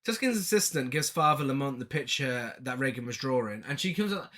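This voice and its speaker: A man's voice: on the high side, animated, brisk, hardly any pauses, pushed and bright. A man co-hosting a podcast, recapping a film scene by scene in casual chat, swearing freely and laughing often. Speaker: podcast co-host.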